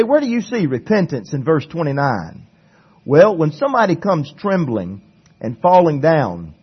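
A man preaches a sermon at a church service with a husky, fairly high voice, taking his words slowly. He swings between loud declarations and hushed asides. The recording sounds dull and lo-fi. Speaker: pastor.

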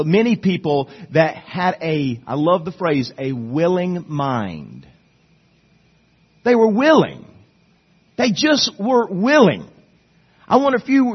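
A man preaching a sermon as a pastor, swinging between soft low asides and loud rising exhortation. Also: breathy edge, lo-fi sound.

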